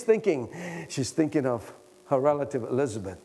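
A male preacher with a high voice delivers a fervent sermon. He moves between loud, urgent pleading and soft, low intensity, drawing out words for weight. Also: animated. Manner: impassioned, swings from loud urgent pleading to hushed low tones; slows down to stretch out key words.

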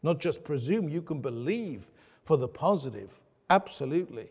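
A man's voice: a little high, animated, normal speed, a little mellow, husky, big-room sound. A man pastor preaching a sermon, earnest and emphatic, asking his congregation rhetorical questions.

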